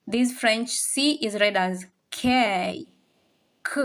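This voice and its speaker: Woman, French teacher, unhurried, repeats each word for learners. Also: mid-range voice, a bit bright. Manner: slow, repeats words for learners to copy. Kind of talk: classroom language lesson.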